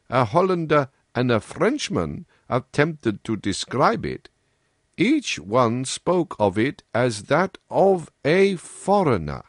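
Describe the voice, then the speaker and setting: A man voicing a sharp-minded, calm male detective who reasons aloud in a measured, lecturing way. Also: mid-range voice, no echo, studio quality, exaggerated voice. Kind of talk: audiobook character reading.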